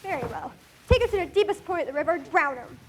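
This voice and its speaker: A teenage girl acting a cruel, gloating female witch in a school stage play, with mocking, drawn-out taunts. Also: high voice, lively intonation, slight background noise. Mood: menacing. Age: teens. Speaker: student actor.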